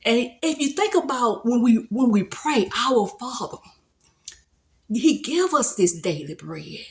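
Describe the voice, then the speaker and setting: Her fairly high, sing-song voice moves at an unhurried pace as she delivers a casual devotional, telling a Bible story conversationally and in everyday language.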